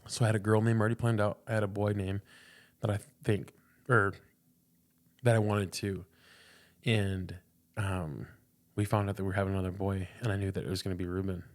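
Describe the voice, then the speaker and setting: A man's voice: deep voice, flat delivery, fairly quick, pauses often. A young man and pastor, a podcast guest, telling a personal faith story in an earnest, casual way, often repeating words and saying "dude".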